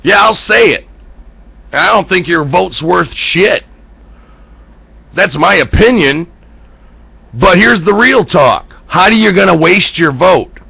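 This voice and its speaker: A man's voice: high voice, expressive, slow pace, gravelly, pauses often, sharp tone, husky, dry recording, rough recording. An American man hosting an internet talk show, ranting bluntly about politics with profanity and heated rhetorical questions. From United States. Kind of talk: political commentary rant.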